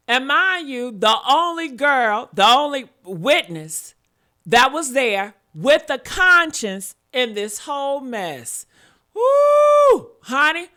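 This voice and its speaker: A woman tells the story in a casual, sassy way, calling her listeners honey and baby. Her bright voice swoops up and down with a lot of animation, and her pacing is slow and deliberate. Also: fairly high pitch. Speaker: commentary channel host.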